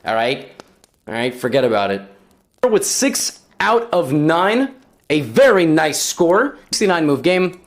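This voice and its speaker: Excitable man doing wild chess commentary. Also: on the high side, a little slow. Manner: excitable, shrieking with disbelief and laughter at blunders; teasing, sarcastic. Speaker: chess commentator and channel host.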